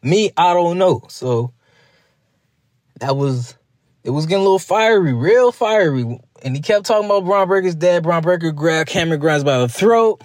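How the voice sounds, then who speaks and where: A man's voice: on the high side, lively intonation, darkish tone, no echo, studio quality. A man giving a casual, rambling recap review of a wrestling show, chatting loosely with lots of asides. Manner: rambling, chatty, slips into quick mock voices.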